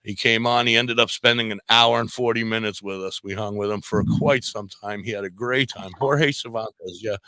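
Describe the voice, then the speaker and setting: Bright-voiced man telling a story. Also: lowish voice, normal speed, hardly any pauses, dry recording. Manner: animated, acts out quoted dialogue. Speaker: podcast guest, radio DJ. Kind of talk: casual storytelling. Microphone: podcast microphone.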